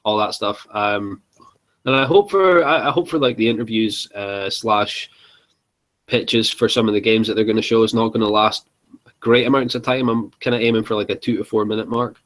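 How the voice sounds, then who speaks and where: A man's voice: lowish voice, moderate pace, a bit bright, low-quality recording. Young man, live-chat co-host, chatty and giggly, filler-heavy. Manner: chatty, laughs often, lots of fillers. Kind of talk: casual chat.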